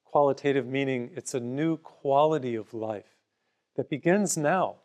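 A man's voice: medium pitch, a little slow, darkish tone. Man preaching a broadcast sermon. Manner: conversational storytelling with everyday parables; offers free booklets to listeners.

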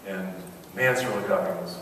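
A man's voice: low voice, brisk, fairly bright tone. A man, a priest preaching a mission sermon in a church, telling jokes between points in a folksy, storytelling way. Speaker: priest giving a parish mission. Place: large church. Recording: echoey church from far off.

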